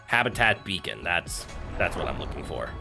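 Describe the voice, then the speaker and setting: A man's voice: deep voice, moderate pace, creaky, over music. A man casually streaming a survival game, joking, swearing and chatting with viewers. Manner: animated and joking, swears, talks to chat and his pet.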